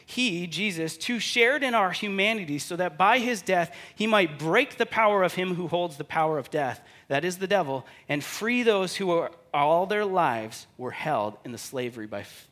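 A man preaching a sermon as pastor, animated, acting out stories and quotes in lively voices. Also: on the high side.

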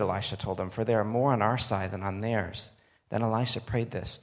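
A man's voice: fairly low pitch, fairly even intonation, brisk. A man preaching a sermon, reading scripture aloud and turning to the listeners with earnest, conversational asides.

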